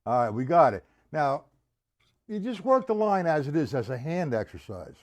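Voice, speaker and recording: A man's voice: on the high side, big pitch swings, normal speed. A man teaching drums on a live stream, talking casually and counting beats aloud. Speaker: drum teacher. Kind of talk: live-streamed drum lesson. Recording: loud drum kit playing behind the voice.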